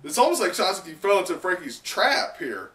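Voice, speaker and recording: Excitable young man reacting, roomy sound. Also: high-pitched, normal speed, recorded from a distance. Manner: excitable, many fillers and laughs. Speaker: manga reaction channel host. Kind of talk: live reaction and recap.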